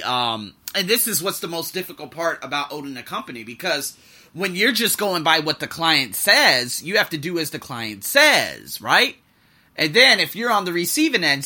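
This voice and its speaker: A man's voice: a little high, pushed and bright. A man who teaches English talks frankly in a rambling vlog monologue, exasperated and swearing freely.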